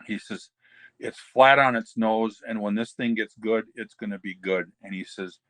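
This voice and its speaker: A man's voice: on the low side, normal speed, fairly bright tone, dry recording. An older man in an interview, rambling through anecdotes and acting out the dialogue of the people in them. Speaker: interview guest. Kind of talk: storytelling shoot interview.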